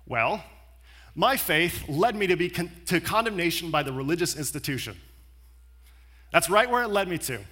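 A man voicing a calm, composed teacher figure who speaks in a measured, quiet way. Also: on the high side. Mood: reflective.

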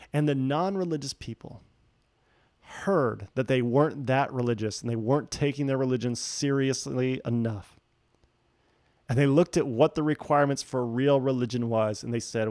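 A man's voice: mid-range voice, moderate pace, darkish tone, dry recording. A man preaching a sermon, telling a story with jokes and acting out the quoted voices. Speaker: pastor.

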